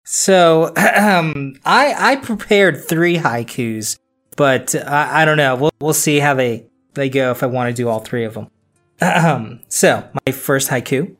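A man's voice: a little high, slow pace, a bit bright, soft background music. A man co-hosting a podcast, chatting in a loose, joking way and laughing often. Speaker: podcast co-host. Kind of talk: casual chat.

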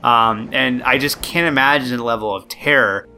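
A man's voice: mid-range voice, moderate pace, sharp tone. A man hosting a podcast, telling a true story casually and rambling with many ums and uhs. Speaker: podcast host.

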